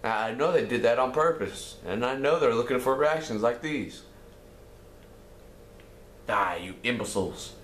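A man's voice: medium pitch, moderate pace, few pauses, a little hiss or hum. Frustrated swearing male gamer. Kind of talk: let's play commentary. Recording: roomy echo with faint game music.

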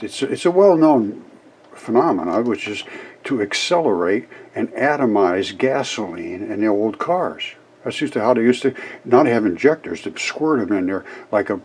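An older man rambling through an explanation of experiment footage, halting and repeating words as he goes. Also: medium pitch, a little mellow, husky. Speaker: independent science video maker. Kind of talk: casual explanation over footage.

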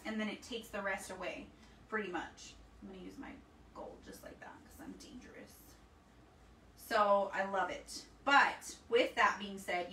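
A woman's voice: medium pitch, bright, forceful tone. A woman hosting a casual live craft demo, chatting with viewers and reading their comments as she works. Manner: chatty, talks to viewers as guys. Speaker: craft livestream host. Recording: roomy echo, mic at a distance, faint background noise.

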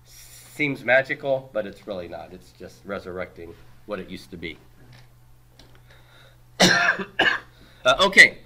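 Forceful, bright-voiced male teacher. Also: medium pitch. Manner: explains patiently, quizzes the class, uses homely comparisons. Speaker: Hebrew grammar teacher. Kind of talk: classroom lecture with questions to students. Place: classroom with students.

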